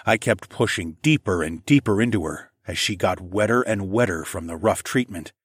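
A man narrating a first-person story in a steady, even storytelling voice. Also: low-pitched, normal speed, husky, dry recording, studio quality. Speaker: audiobook narrator.

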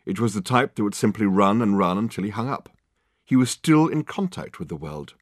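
A man narrating a novel in a measured, expressive storytelling voice. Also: lowish voice, dry recording, studio quality. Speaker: audiobook narrator. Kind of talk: scripted narration.

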